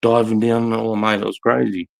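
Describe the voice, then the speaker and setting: A man's voice: fairly low pitch, flat delivery, a little fast, gravelly, poor audio. A man, telling a rambling story in casual livestream chat, swearing often and saying mate and bro.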